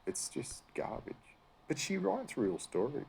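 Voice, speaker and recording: A man's voice: on the high side, wildly swooping pitch, a little slow, creaky, a little mellow, slightly rough. An Australian man sarcastically ranting about news articles, swearing freely and sounding exasperated. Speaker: commentary host. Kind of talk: profane rant reacting to news articles.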